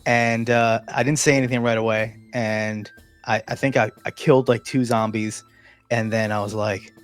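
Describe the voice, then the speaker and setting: A man's voice: mid-range voice, quick pace, soft background music. A man hosting a casual chat, telling a long story with many restarts and fillers. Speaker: podcast host.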